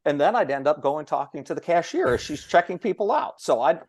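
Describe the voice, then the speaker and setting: A man guest on a podcast, telling a story about his broadcasting start in a lively, chatty way and acting out what others said. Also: fairly high pitch, fairly quick, no echo, studio quality. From Ohio. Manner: animated storyteller who acts out quoted voices. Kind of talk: storytelling in casual chat.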